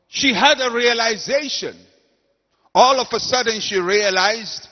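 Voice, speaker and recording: A man preaches with a high, lively voice that swings widely as he acts out quotes and calls on the congregation to respond. He speaks slowly and emphatically, and his sermon rings with long reverb in a church hall. The recording is muffled and dull. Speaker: pastor.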